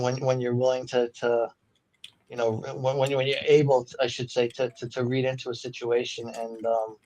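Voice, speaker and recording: A man chatting casually as a podcast co-host, halting and repeating words as he looks for them. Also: medium pitch, a little mellow, dry recording. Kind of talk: casual chat.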